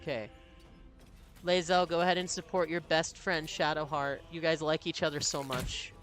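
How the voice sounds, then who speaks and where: A man's voice: on the high side, flat delivery, normal speed, music in the background. A man streaming a video game, chatting casually, laughing often and reading viewer messages aloud. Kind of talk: casual live-stream chat over gameplay.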